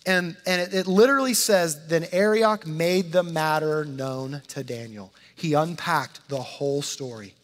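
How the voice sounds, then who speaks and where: Male pastor, high-pitched, conversational sermon delivery, acts out quotes, long hall reverb. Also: measured pace, hardly any pauses. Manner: conversational preaching, dramatizes quotes, repeats words.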